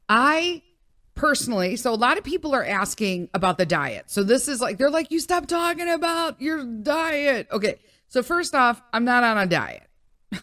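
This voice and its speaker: Middle-aged woman, lowish voice, casual podcast monologue, candid and profane, dry close sound. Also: a bit bright, no room sound. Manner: candid, profane, rambling with fillers and laughs. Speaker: podcast host.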